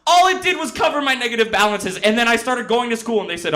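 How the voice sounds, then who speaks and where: A man's voice: high voice, very animated, unhurried, bright, forceful tone. A man doing a rambling, profane stand-up set on a comedy club stage, often laughing at his own jokes. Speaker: stand-up comic.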